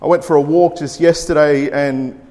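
A man, preaching a sermon in an earnest, measured way. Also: a little high, fairly even intonation, dark tone. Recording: long reverb in a large hall.

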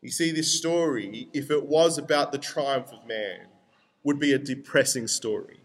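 A young man preaching a sermon in a lively, conversational way, acting out quoted voices. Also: mid-range voice, normal speed. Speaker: pastor.

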